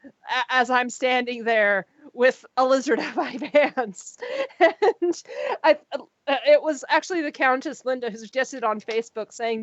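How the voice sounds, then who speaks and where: A woman's voice: sits high, measured pace, no room sound, highs cut off. A woman guest on a live stream telling a rambling anecdote, often laughing, over a video call. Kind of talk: casual chat on a live stream.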